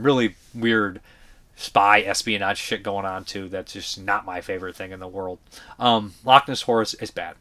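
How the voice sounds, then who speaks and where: Low-voiced man rambling through movie reviews. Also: pushed and bright. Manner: rambling, profane, many fillers and restarts; blunt opinionated talk. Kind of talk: casual review vlog.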